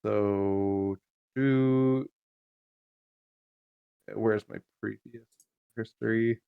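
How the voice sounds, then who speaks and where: A laid-back man from Canada chats on a podcast, easygoing and quick to laugh. His voice sits fairly low, recorded dry and close with no room sound. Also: creaky, smooth, no room sound, phone-quality sound. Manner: relaxed, laughs along, trailing fillers. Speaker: podcast co-host. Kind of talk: casual chat.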